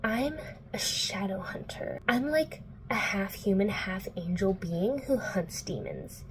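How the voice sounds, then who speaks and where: A woman's voice: medium pitch, measured pace, slight background noise, lightly acted, rough recording. A woman doing a snarky teenage boy demon hunter. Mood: smug.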